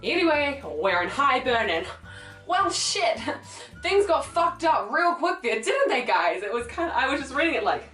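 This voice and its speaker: A young woman chatting in a casual book vlog, excitable and rambling, swearing freely and acting out scenes as she goes. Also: sits high, normal speed, few pauses. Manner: excitable, rambling, swears a lot, acts out characters. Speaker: book vlogger. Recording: echoey room, mic at a distance, faint music.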